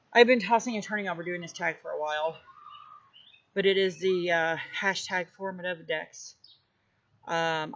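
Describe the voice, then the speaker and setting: A woman's voice: lowish voice, a bit bright. A woman hosting her tarot channel, chatting casually outdoors near her house in a rambling way with many fillers. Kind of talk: casual vlog chat. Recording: dull lo-fi audio with faint birdsong.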